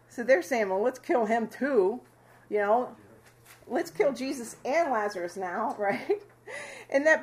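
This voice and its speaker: A woman casually teaching a Bible passage to a small fellowship group, chatty and quick to laugh with them. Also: a little high. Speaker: Bible study leader.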